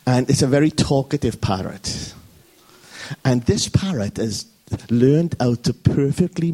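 A man preaching a sermon at a church service, lively and jokey, often asking his listeners "okay?". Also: fairly low pitch. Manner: lively, jokey, frequent "okay?" check-ins.

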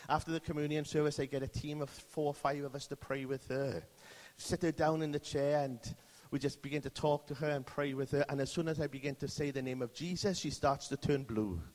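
A man's voice: a little high, fairly even intonation, a little fast, few pauses, darkish tone. A British man, a pastor, preaching a sermon as vivid first-person storytelling. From Britain. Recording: long hall reverb.

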